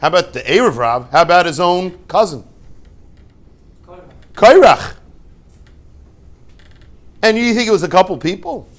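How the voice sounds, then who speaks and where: Animated high-voiced rabbi giving a class. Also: male voice, unhurried, long pauses. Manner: animated storyteller, rhetorical questions, joking asides. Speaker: rabbi and yeshiva head. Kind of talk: informal Torah talk to a class.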